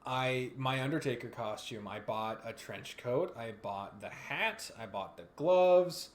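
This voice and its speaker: A man's voice: medium pitch, measured pace. A young man co-hosting a podcast, chatting casually, joking around and swearing freely. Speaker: podcast co-host. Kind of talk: casual chat.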